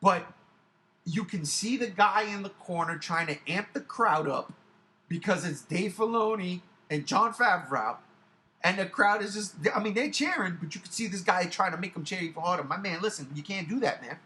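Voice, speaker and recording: A man's voice: high-pitched, expressive, normal speed, sharp tone. A man in his forties hosting his own channel, ranting casually to camera in a profane, emphatic way that repeats points for effect. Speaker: YouTube channel host.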